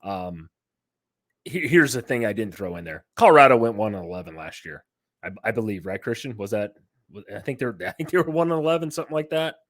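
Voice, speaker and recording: A man co-hosting a casual sports podcast, excitable and jokey, with lots of fillers. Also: lowish voice, a little fast, no room sound, studio quality. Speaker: podcast co-host.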